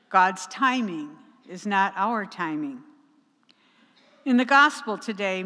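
A woman delivers a sermon at an unhurried, deliberate pace, leaning on each phrase with measured pauses. Her voice is bright and forceful. A long church reverb trails behind every line. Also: mid-range voice. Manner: slow and emphatic, with measured pauses. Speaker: preacher.

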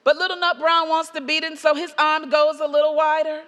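A woman pastor delivering a sermon, measured and slowing for emphasis, often dropping soft on key lines. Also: sits high, level tone. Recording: long hall reverb.

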